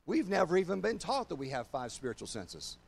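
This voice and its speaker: High-voiced older man preaching a sermon. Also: sing-song, creaky, husky. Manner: emphatic preaching, swinging from loud declarations to low, slow confiding; addresses congregation and online viewers directly. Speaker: pastor.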